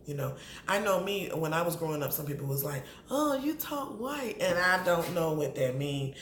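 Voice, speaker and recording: A woman from Atlanta chats casually and animatedly to camera while reviewing a reality show, speaking straight to the people on it. Her deep voice moves fairly quickly, with roomy echo and faint background noise.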